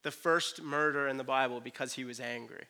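A man preaching a conversational sermon. He retells a Bible story and acts out the characters' lines in quick asides. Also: medium pitch, steady tone, sharp tone. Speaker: pastor.

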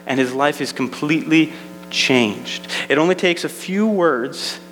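A pastor preaches a sermon, speaking easily to the room in a slightly high, fairly bright voice at an unhurried pace. He often repeats words and adds asides. Soft music plays behind him in an echoey hall with faint mains hum.

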